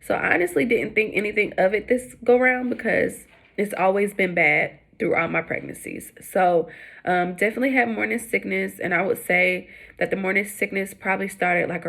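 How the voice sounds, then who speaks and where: Chatty young woman with a gravelly edge. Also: fairly even intonation, normal speed, a bit bright. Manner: chatty, many fillers, acts out quotes with high voice. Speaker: vlogger. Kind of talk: casual storytelling to camera.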